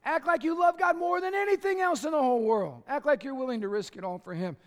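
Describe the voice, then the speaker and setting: Male pastor, impassioned sermon, very high voice, echoey church hall. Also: fast. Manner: impassioned, building to shouts. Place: church sanctuary.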